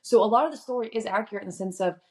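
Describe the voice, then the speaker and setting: A woman's voice: mid-range voice, very fast, darkish tone. A young woman from Indiana, a guest on a podcast, telling her story in a chatty, upbeat way. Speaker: guest, children's book author. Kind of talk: casual podcast interview.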